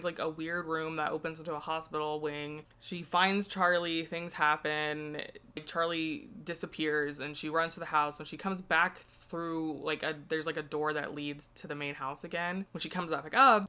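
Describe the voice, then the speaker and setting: A woman's voice: deep voice, steady tone, a little fast, pushed and bright, clean tone. A woman casually recapping a book's plot in a chatty, filler-heavy way, acting out the characters' lines as she goes. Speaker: book reviewer.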